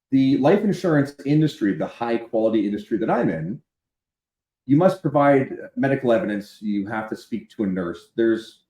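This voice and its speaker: A man's voice: mid-range voice, dark tone. Emphatic man, echoey room. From Canada. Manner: emphatic, blunt, builds intensity. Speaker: insurance expert guest. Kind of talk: candid conversational explanation.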